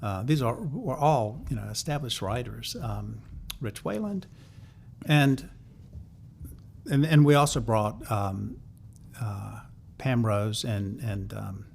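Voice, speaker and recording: A man's voice: medium pitch, animated, takes it slowly, vocal fry, darkish tone, slight background noise. A man in his sixties from North Carolina, a songwriter and publisher telling stories in an interview, rambling with many fillers and chuckles. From North Carolina, USA. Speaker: guest songwriter and music publisher. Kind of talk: anecdotal storytelling in an interview.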